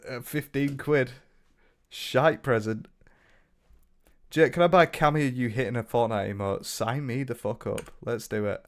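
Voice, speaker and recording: A man's voice: mid-range voice, measured pace. A British man reacting to a video in a mocking, sarcastic commentary full of swearing. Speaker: commentary streamer.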